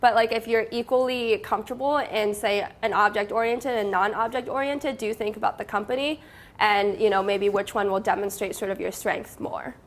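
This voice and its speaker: A woman's voice: mid-range voice, fairly even intonation, moderate pace. A young woman co-presenting an informal seminar, speaking hesitantly with many fillers and restarts. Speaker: student co-presenter.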